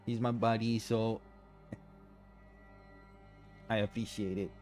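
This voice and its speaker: A man streaming a game live, chatting in a rambling, giggly, apologetic way, tired and low on energy. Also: flat delivery, takes it slowly, a little mellow, soft background music. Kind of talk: casual live-stream chat.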